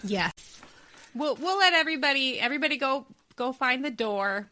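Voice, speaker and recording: A woman co-hosting a podcast in casual chat, animated and laughing often. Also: sits high, normal speed. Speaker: podcast co-host.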